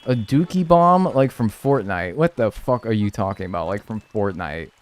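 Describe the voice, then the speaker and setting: A man's voice: on the low side, expressive, moderate pace, faint music behind. A man streaming live, chatting casually and joking as he reads and answers his chat.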